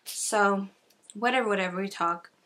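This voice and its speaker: A young woman from California telling a casual storytime, chatty and sassy, full of "like" with soft whispered asides. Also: medium pitch, moderate pace. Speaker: YouTuber.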